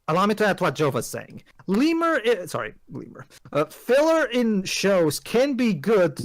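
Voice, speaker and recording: A man's voice: high-pitched, sing-song, moderate pace, no room sound. A man giving earnest casual commentary, explaining his views on a show and often restarting his sentences. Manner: earnest, explaining, interrupts himself. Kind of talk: casual commentary over an episode.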